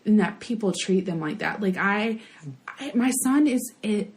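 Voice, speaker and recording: A woman's voice: mid-range voice, lively intonation, normal speed, a little mellow. Emotional woman podcast co-host. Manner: emotional, talks in long run-on stories. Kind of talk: casual podcast chat.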